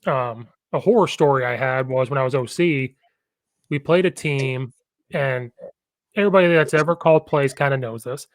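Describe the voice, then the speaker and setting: A man's voice: mid-range voice, normal speed, no echo. A man hosts a casual coaching podcast and tells rambling stories with a lot of enthusiasm. His voice sits in an ordinary middle range for a man. The sound is close and dry, with almost no room around it. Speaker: podcast host, football coach.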